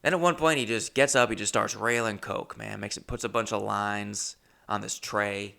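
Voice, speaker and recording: A male comedian telling a story with profane, animated anecdote-telling. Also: fairly low pitch, normal speed, gravelly.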